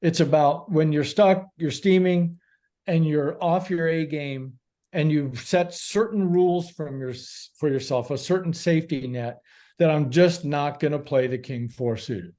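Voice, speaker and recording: A man's voice: on the high side, a little slow, mellow. A man talking as a guest author on a podcast, explaining ideas patiently step by step. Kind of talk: casual podcast chat.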